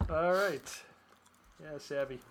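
A man's voice: on the high side, a bit bright, slight background noise. A man co-hosting a podcast, mostly chiming in with short agreeing replies and wry asides. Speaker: podcast co-host. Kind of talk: casual chat.

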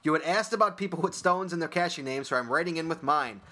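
A podcast co-host, a man who has a son, reads listener emails aloud, cracking jokes, laughing a lot and swearing casually. His voice is fairly high, quick, pushed and bright.

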